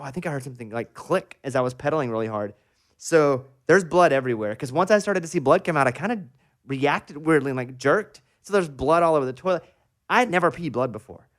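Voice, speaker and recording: A man hosting a morning radio show, telling a long personal story in an animated, self-mocking way. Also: fairly high pitch. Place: radio studio.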